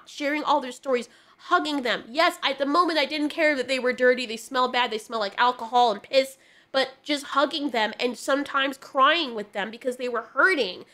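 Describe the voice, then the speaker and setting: A woman's voice: high voice, pushed and bright. A young woman talking in an earnest, impassioned and rambling way, giving casual commentary and telling a story from her life. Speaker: video reviewer.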